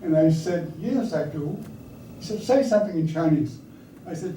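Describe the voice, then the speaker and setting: An older man recounts his memories to a room of listeners, chatting and now and then putting questions to them. His voice sits a little high for a man but has a mellow tone. It is picked up from a distance in a roomy, echoing hall. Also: animated, moderate pace, a little hiss or hum. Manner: anecdotal, conversational, asks audience questions. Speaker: speaker recounting wartime service. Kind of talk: storytelling talk to an audience. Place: hall or meeting room with audience. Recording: echoey room, speaker far from mic.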